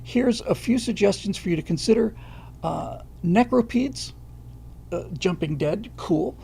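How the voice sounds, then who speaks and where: A man's voice: high voice, gravelly, a little mellow, husky. A middle-aged man hosting a livestream, chatting casually and reading viewer questions, with many fillers and restarts. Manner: halting, many fillers and restarts, reads viewer comments aloud.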